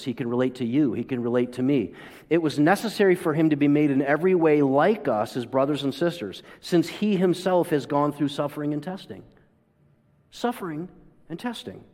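With a mid-range voice that's somewhat mellow, a man preaches as a pastor, voicing quoted figures with dramatic shifts and asking rhetorical questions. The sound has a long, hall-like reverb.

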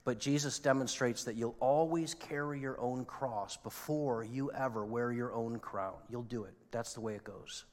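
A male pastor preaching a sermon in a conversational way, asking the audience rhetorical questions and moving between loud emphasis and hushed, quiet lines. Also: medium pitch, normal speed, hardly any pauses. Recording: long reverb of a large hall.

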